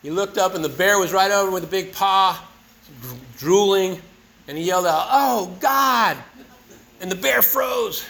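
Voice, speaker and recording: A man's voice: high-pitched, normal speed, fairly bright tone, low-quality recording. A man telling his own recovery story at a meeting, casual, earnest, and joking. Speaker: speaker sharing at a recovery meeting. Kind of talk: personal recovery share.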